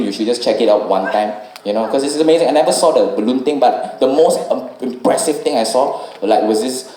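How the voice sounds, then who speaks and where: Singaporean guy doing standup, mid pitch, rambly chatty, echoey room. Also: noisy background. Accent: Singaporean English. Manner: loose, rambling delivery with "you know" and "right?" tags. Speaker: stand-up comedian. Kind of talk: stand-up storytelling.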